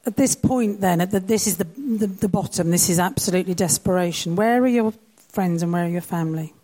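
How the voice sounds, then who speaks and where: A woman hosting an onstage interview, guiding her guest with gentle questions. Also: fairly low pitch, fairly quick. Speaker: host interviewing a speaker.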